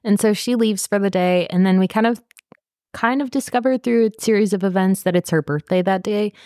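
A woman's voice: mid-range voice, fairly quick, no echo, clean studio sound. Chatty woman recapping a show. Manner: animated, swearing, many "like" fillers. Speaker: podcast co-host. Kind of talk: casual chat recapping a TV drama.

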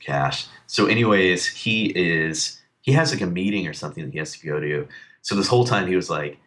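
A deep-voiced man telling a long personal story in relaxed conversation. He rambles with plenty of fillers and acts out other people's lines as he goes. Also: a little fast. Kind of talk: casual storytelling.

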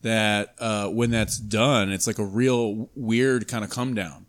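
A man on a casual podcast, a guest photographer, talking in a rambling, halting way with many fillers. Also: fairly low pitch, steady tone.

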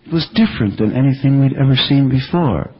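A man's voice: medium pitch, animated, a little fast, slight background noise. An older man preaching a sermon, earnestly telling revival stories with quoted speech, on an older radio broadcast. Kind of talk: sermon storytelling about revival. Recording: dull lo-fi radio recording.

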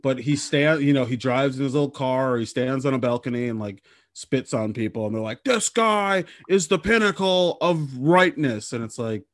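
A man's voice: mid-range voice, little pitch movement, brisk, hardly any pauses, darkish tone, dry recording, clean studio sound. A man hosting a podcast in casual comedic chat, rambling and jokey with casual swearing. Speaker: podcast host.

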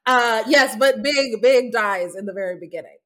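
Woman co-host, lively storyteller, higher voice, laughs a lot. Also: a little slow. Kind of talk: casual chat.

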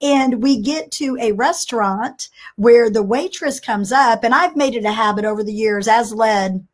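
A woman's voice: fairly high pitch, moderate pace. A woman telling a personal faith story in casual conversation, acting out the dialogue with frequent restarts. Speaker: guest sharing testimony.

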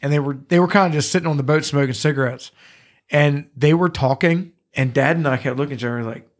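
In a fast, slightly high voice, a podcast host tells casual, foul-mouthed stories and laughs often during the chat.

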